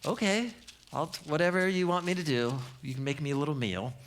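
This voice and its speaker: A man's voice: a little high, expressive, brisk. A man voicing a patient, dry-humored divine voice that speaks wryly and matter-of-factly. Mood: indulgent. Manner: wry, matter-of-fact, casual.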